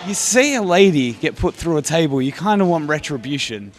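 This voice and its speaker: Brief: male wrestler, cocky banter, slightly high voice, noisy surroundings. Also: lively intonation, a little fast. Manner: cocky, boastful, joking. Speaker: wrestler and champion co-host. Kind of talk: post-show wrestling banter. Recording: noisy background.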